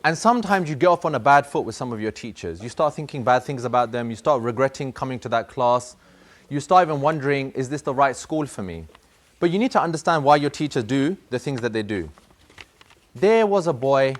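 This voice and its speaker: A man's voice: mid-range voice, lively intonation, a little fast. A man telling a moral story to children, acting out the voices of a strict teacher and a pupil. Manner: acts out voices of the teacher and boy. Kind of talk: animated storytelling.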